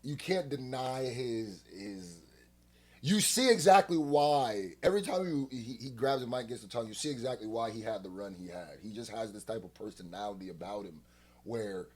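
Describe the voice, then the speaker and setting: A man hosting a reaction video in casual commentary, joking loudly one moment and muttering low the next. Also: normal speed, crowd noise. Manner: animated, jumps from loud joking to low mutters.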